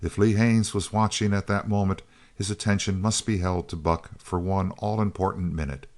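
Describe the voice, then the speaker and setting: Deep-voiced male audiobook narrator. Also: steady tone, normal speed, darkish tone. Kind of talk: scripted narration of a Western novel.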